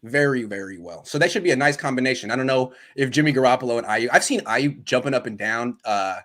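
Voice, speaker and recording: A man hosting a sports talk show, excitable and quick with banter as he takes calls. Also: medium pitch. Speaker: host.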